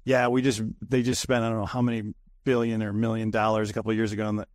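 A man's voice: on the low side, level tone, fast talker, a little mellow, dry recording, studio quality. A man chatting casually as a cybersecurity guest, rambling and profane, full of fillers and restarts. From United States. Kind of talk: casual podcast chat.

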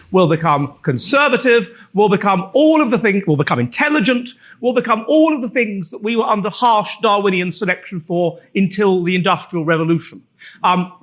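Man, high-pitched voice, from England, author speaking to an audience, wry lecturing tone, halting restarts. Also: a bit bright. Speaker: author presenting his book. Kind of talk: live talk to an audience.

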